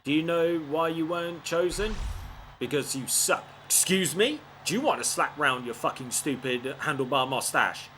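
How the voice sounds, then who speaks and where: A man giving animated, expletive-laden commentary on a video game playthrough. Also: fairly high pitch, moderate pace, slight background noise. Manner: animated, swears often, frustrated outbursts.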